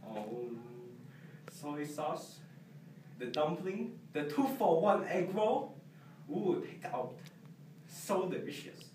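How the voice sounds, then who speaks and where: A man's voice: a little high, expressive, takes it slowly, long pauses, a little mellow. A young man voicing a drowsy male job applicant who mumbles sleepily and apologizes in a fluster, in an amateur comedy sketch. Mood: dreamy. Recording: roomy, distant, faint background noise.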